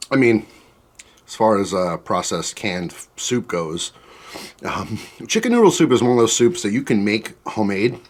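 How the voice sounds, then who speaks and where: During a spicy soup taste test, a food reviewer with a fairly low voice rambles along casually, his mouth burning from the heat. He's chatty, fills pauses with "um" and "like," and keeps drifting off topic into asides.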